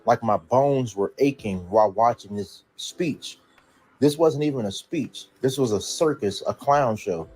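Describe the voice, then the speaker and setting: A man's voice: medium pitch, measured pace, a little mellow, breathy edge. Indignant man ranting. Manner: indignant, exasperated rant. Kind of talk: opinion commentary.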